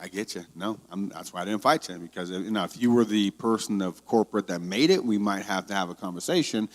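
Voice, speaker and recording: A male pastor preaching a conversational sermon, telling stories and growing heated. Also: fairly low pitch. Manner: conversational storytelling, grows heated.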